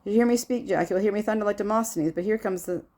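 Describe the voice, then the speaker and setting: A woman's voice: medium pitch, quick pace, warm tone, lightly acted. A woman voicing a doting, fretful elderly father who lectures pompously on his philosophy. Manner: pompous, fretful, long-winded. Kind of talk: audiobook character voice.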